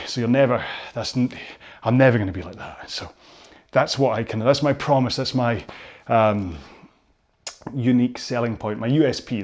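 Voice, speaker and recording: A man with a medium-pitched voice leads a rowing workout from his home garage and, in the cool-down, rambles casually with jokes and self-deprecating humor.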